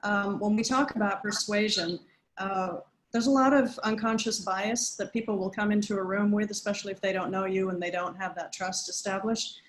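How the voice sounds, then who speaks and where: A woman moderating a webinar over a video call, asking a question in a measured way with some ums. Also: medium pitch, steady tone, reverberant, slight background noise, rough recording.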